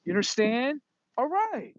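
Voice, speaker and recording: A man's voice: extremely high pitch, very animated, measured pace, dry recording. A man in a profane, rambling, emphatic casual monologue. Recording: dull lo-fi recording.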